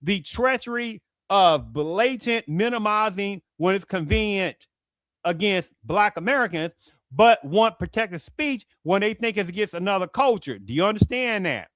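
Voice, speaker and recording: A man's voice: high-pitched, expressive, normal speed, a bit bright, no echo. A man hosting his own show, talking in a casual commentary monologue and asking rhetorical questions like "right?" again and again. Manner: rhetorical, repeats "right?" and "do you understand that?". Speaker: show host.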